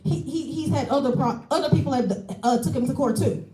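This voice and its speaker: Woman, public commenter, furious and aggrieved, slightly high, mellow voice in an echoey council chamber. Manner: angry, aggrieved, rapid complaints.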